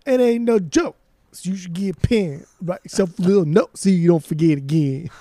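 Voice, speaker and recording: A man co-hosting a casual music podcast, talking in a playful, animated way, swearing and laughing. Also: high voice, moderate pace. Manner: animated, swearing, playful, breaks into silly voices. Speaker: podcast co-host.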